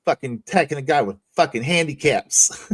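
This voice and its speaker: A man's voice: a little high, animated, normal speed, fairly bright tone, slightly rough. A man hosting a casual livestream chat, swearing freely and laughing through his stories. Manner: profane, laughing storyteller. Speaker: streamer host.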